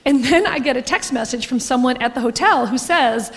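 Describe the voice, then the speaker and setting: A woman's voice: high-pitched, fairly quick, fairly bright tone, big-room sound. A woman telling a brash, swearing stand-up story and laughing as she goes. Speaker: stand-up comedian.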